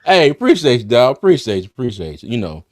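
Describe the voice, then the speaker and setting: A man's voice: medium pitch, sing-song, fast, a little mellow. A man hosting a casual livestream, laughing often and talking in loose, restarting bursts. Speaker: host of a live draft-night stream.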